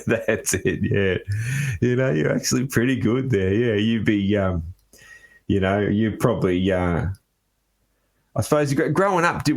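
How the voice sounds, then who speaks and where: An Australian man hosting a podcast interview, talking in a halting way with lots of fillers and restarts. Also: lowish voice. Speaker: podcast host. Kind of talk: casual interview chat.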